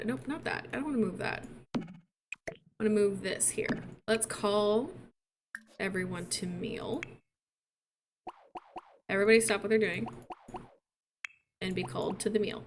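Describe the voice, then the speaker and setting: A woman giving casual, chatty game commentary with excitable, gushing reactions. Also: medium pitch, moderate pace, long pauses, slight background noise. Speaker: gaming YouTuber.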